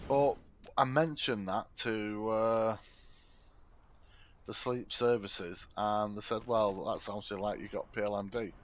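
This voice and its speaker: A man's voice: lowish voice, fairly even intonation, slow pace, lo-fi sound. A middle-aged man live streaming, chatting casually to his viewers, rambling and correcting himself as he goes. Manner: rambling, talks to chat, frequent self-corrections. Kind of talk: casual chat while gaming.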